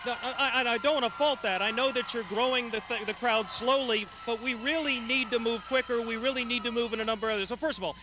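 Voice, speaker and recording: Brief: quick, high man, stammering and condescending, business exec. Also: fairly even intonation, background noise. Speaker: TV syndicator and owner. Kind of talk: scripted wrestling TV argument.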